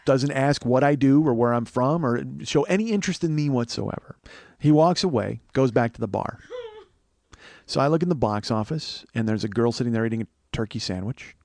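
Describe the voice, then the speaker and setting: A comedian in his forties hosts a podcast, telling a story in a profane, rambling rant. His medium-pitched voice is brisk and somewhat dark, suited to casual comic storytelling.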